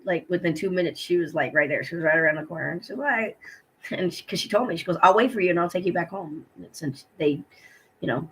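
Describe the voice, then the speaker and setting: The audio is poor, and her voice is lowish, slightly bright and husky. She's a middle-aged vlogger in a personal video, hurting and emotional as she recounts her day, full of fillers, retold conversations, and heartfelt rambling.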